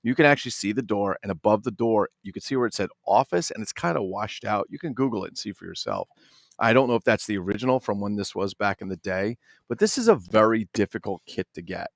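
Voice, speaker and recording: Low gravelly man, animated toy chat. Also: fast talker, no room sound, studio quality. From New Jersey. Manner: animated, swears freely, jokey asides. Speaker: toy collector vlogger. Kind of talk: casual unboxing chat.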